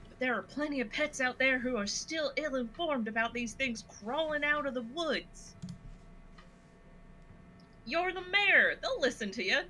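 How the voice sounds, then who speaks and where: A woman's voice: fairly high pitch, sharp tone. A woman voicing a male sheepdog, a local boy, with a Southern accent and an urgent, insistent tone.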